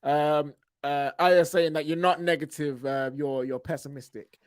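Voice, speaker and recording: Young man, slangy podcast host, high-ish voice, dry close sound. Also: fairly even intonation, measured pace, no room sound. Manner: laid-back, slangy, stumbling restarts. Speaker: podcast host reading super chats. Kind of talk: casual podcast chat.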